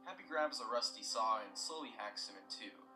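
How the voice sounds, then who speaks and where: A man's voice: fairly low pitch, lively intonation, normal speed, reverberant, distant mic, over music, poor audio. A young man retelling a story in scripted narration, plain and matter-of-fact with asides.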